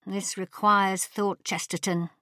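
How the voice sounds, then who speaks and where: A woman's voice: medium pitch, flat delivery, slow, no room sound, studio quality, voice pushed up. A woman voicing a wary, brooding elderly male traveller. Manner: dark, brooding.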